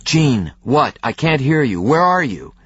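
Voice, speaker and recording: A man's voice: mid-range voice, sing-song, a little slow, husky, no echo, lo-fi sound, voice pushed up, exaggerated voice. Male reader plays a frantic grown man begging over the phone, strained, dry close sound. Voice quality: strained, pleading.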